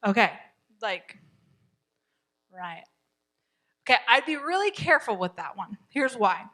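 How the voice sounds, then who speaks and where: Woman, middle-aged, parenting class teacher, casual lively delivery, frequent laughs, church meeting room. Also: a little high, unhurried. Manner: lively, chatty, laughs often, acts out quoted lines. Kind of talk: teaching a class to a live group.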